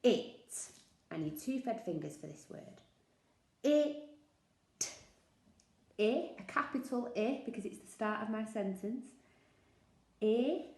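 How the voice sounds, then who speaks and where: A woman teacher with a Northern English accent, slowly sounding out words for young children in a sing-song, encouraging way. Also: mid-range voice, animated, vocal fry. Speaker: early years teacher. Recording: echoey room.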